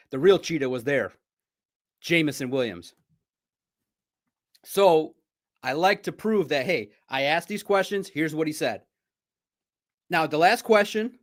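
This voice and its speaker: A man's voice: a little high, a bit bright. A middle-aged man hosting a sports podcast in a casual monologue, boastful and trash-talking, repeating himself for emphasis. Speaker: sports podcast host and reporter.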